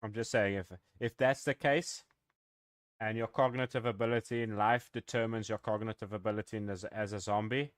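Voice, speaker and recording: Low-pitched man, rambling casual streamer banter, dry close sound. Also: fairly even intonation, a little fast, no room sound. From South Africa. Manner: rambling, chatty with viewers, swears and chuckles. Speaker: game streamer. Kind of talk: casual live-stream chat.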